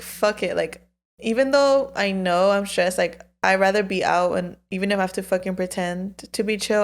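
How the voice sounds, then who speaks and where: A woman in her twenties co-hosting a podcast, telling stories in a loose, swearing, filler-heavy way. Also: mid-range voice. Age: 20s. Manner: storytelling with frequent swearing and fillers. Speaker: podcast co-host. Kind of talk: casual chat.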